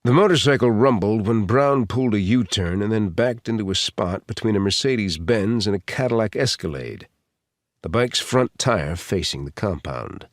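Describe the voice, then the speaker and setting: A man reading a thriller audiobook in an expressive, dramatic manner. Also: lowish voice, normal speed, dry recording, clean studio sound. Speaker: audiobook narrator. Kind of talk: scripted thriller narration.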